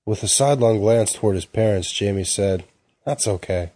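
Low, husky male narrator. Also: brisk, warm tone. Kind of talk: audiobook narration.

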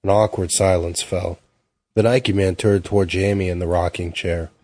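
A man narrates an audiobook in a steady, measured delivery. His voice is low and slightly husky, and the recording is close and dry with no room. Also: no echo.

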